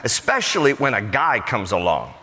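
A man's voice: lowish voice, very animated, moderate pace, bright, forceful tone. A man preaching a sermon, joking conversationally and telling the story with plenty of animation. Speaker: pastor. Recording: hall reverb.

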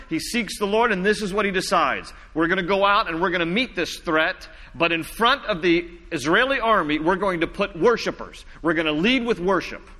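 A man preaching a sermon as pastor, reading scripture slowly and dropping low and soft for emphasis. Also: long reverb tail.

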